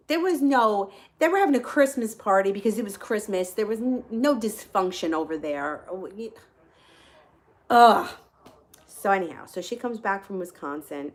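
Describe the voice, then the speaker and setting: Give me a candid woman host telling her own story, animated and outspoken, with a mid-range voice. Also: mid-range voice. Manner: candid and animated, swears freely, laughs often. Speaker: tarot reader and channel host. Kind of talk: casual personal storytelling.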